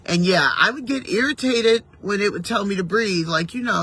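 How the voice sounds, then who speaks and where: A woman's voice: mid-range voice, normal speed, husky. A woman giving a casual, reflective morning pep talk to her viewers, speaking conversationally and mentioning her faith now and then. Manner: warm, reflective, conversational, with gentle faith references. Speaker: vlogger giving morning encouragement.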